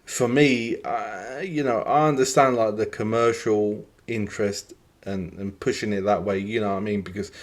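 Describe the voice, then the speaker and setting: A man hosts a casual podcast chat in a lowish voice. He rambles through his opinions and keeps circling back with fillers. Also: fairly even intonation, moderate pace, few pauses. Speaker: podcast host.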